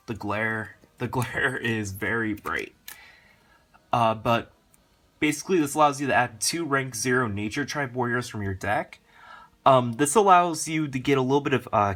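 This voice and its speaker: A man hosting a card game channel, talking through his deck in a rushed, rambling way, full of fillers. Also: medium pitch, fairly bright tone. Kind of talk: casual deck walkthrough.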